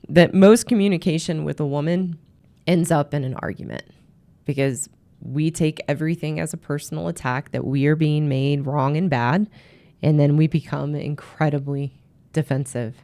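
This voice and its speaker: A woman's voice: low-pitched, gravelly, mellow. A woman host and marriage coach giving earnest advice, often repeating words as she restarts. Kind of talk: advice talk to camera.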